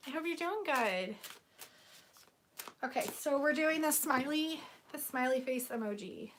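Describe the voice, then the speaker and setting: A woman's voice: sits high, animated, moderate pace, bright, forceful tone, a little hiss or hum. A woman doing a casual tarot-reading livestream from home, chatty and giggly, talking to her viewers in front of a camera on a tripod. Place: room at home.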